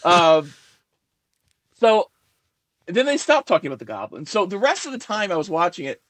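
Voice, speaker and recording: A man's voice: high-pitched, wildly swooping pitch, fast talker, a bit bright, no room sound. Rambling male guest, full of fillers. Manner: rambling, many fillers, self-deprecating laughs. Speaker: guest writer. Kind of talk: interview.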